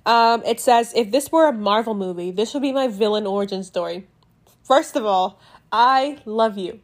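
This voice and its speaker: A young woman chatting casually about a book she loved, rambling and excitable, full of "like" fillers, recorded on a home mic. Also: medium pitch. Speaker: book reviewer. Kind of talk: casual book review chat.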